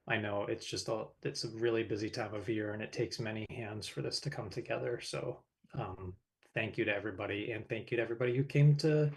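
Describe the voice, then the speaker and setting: A man chairing a town board meeting, speaking casually with many filler ums. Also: fairly low pitch.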